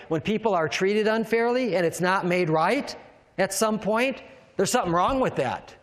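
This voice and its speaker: A man's voice: fairly high pitch, long reverb tail. A man preaching a sermon, emphatic and asking his congregation questions as he explains scripture. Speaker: pastor.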